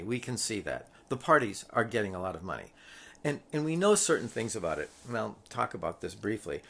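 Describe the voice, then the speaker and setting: A man's voice: lowish voice, fairly bright tone. A middle-aged man giving a recorded political science lecture, walking through slides with frequent fillers and restarts.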